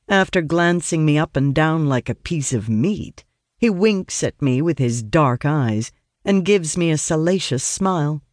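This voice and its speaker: A man narrating a fantasy audiobook in a steady, measured way. His voice sits a little high for a man and is recorded close and dry, with no room sound. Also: dry recording.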